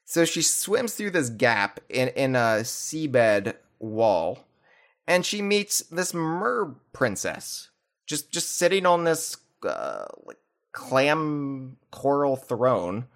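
A male podcast host talking casually and jokily. He rambles and restarts himself often. His voice sits mid-range, and his pitch swings widely. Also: sing-song, takes it slowly, fairly bright tone. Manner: rambling, joking, with filler restarts. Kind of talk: casual chat.

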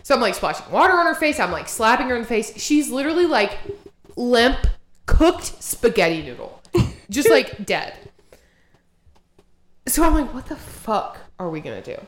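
A young woman co-hosting a podcast, telling a wild party story in profane, animated casual chat and acting out quotes. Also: fairly high pitch, moderate pace, long pauses. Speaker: podcast co-host.

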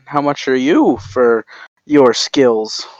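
A man's voice: mid-range voice, expressive, slow pace, dry recording, highs cut off. A man playing a tabletop game, making friendly, playful remarks to the characters. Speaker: player. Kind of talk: casual chat in a tabletop game.

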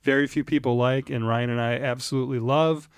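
A man's voice: medium pitch, fairly even intonation, clear, resonant tone, no room sound, clean studio sound. Wry, laughing man co-hosting a podcast. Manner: wry, quick to laugh and tease. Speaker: podcast co-host. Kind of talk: casual chat.

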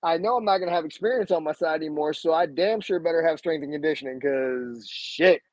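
Animated storytelling man, dull dry sound. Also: brisk, no room sound. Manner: animated, acts out quoted voices with big pitch jumps. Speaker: podcast guest, jiu-jitsu black belt. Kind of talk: casual storytelling.

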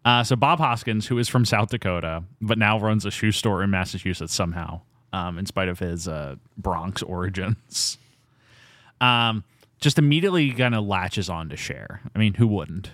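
A man's voice: fairly low pitch, moderate pace, fairly bright tone, no echo, studio quality. A man hosting a casual movie podcast, joking around and dropping into silly voices. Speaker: podcast host.

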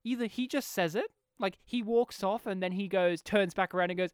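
A woman's voice: mid-range voice, fairly quick, smooth, no echo, clean studio sound. A woman co-hosting a casual film discussion, laughing often and acting out the scenes she retells. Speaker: podcast co-host.

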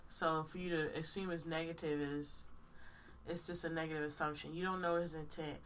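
A woman's voice: deep voice, level tone, a little fast, fairly bright tone, recorded from a distance, slight background noise. A congested woman co-hosting a podcast, giving her opinions in a frank, emphatic, casual chat. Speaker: podcast co-host.

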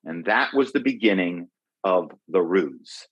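A middle-aged man recounts old stories as an interview guest, his voice low and husky. He rambles along, doubling back with fillers and restarts. The sound is dry and close, with no room around it. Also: lively intonation, measured pace, fairly bright tone, no room sound, low-quality recording. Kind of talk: conversational storytelling.

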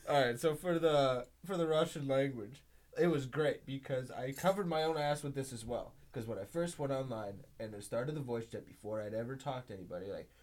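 A man's voice: medium pitch, brisk. A man on a podcast, telling stories in casual chat, laughing and swearing as he goes. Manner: laughing, animated storytelling with swearing. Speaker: podcast guest.

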